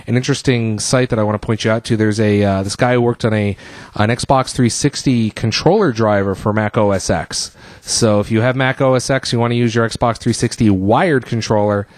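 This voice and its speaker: Male podcast host, low voice, loose rambling solo chat, dry close mic. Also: steady tone, fairly quick, no echo. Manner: casual, rambling with fillers and restarts. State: out of breath.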